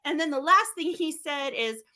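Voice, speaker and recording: A woman's voice: high voice, animated, normal speed, bright, forceful tone. A mother hosting a podcast over a video call, speaking with emotional outrage and firing off rhetorical questions. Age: young adult to middle-aged, a mother. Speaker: podcast host. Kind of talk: impassioned talk on a video call.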